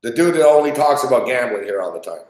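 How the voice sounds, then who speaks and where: A man's voice: mid-range voice, very animated, quick pace, a little mellow, echoey room. A man hosting a sports betting show, complaining with heavy swearing about his bets. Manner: profane, frustrated rant. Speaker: sports betting podcast host. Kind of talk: casual betting talk.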